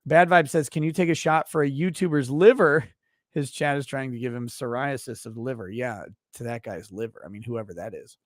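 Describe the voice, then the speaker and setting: A man's voice: mid-range voice, brisk, dry recording, studio quality. A man hosting a casual livestream, reading viewer messages aloud and giving blunt, profane, offhand replies. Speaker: livestream host.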